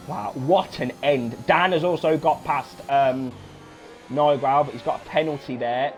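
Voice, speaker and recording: A young man giving live sim-racing commentary, excitable, swearing and shouting encouragement at the drivers. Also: fairly high pitch, unhurried, faint music behind. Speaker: race commentator.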